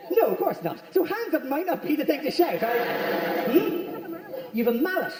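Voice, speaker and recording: Guy doing stand-up at full tilt, high lively voice, echoey hall from a distance. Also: heavy background noise. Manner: rapid, animated, riffing with the crowd. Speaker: stand-up comedian. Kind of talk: stand-up comedy routine. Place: large comedy venue.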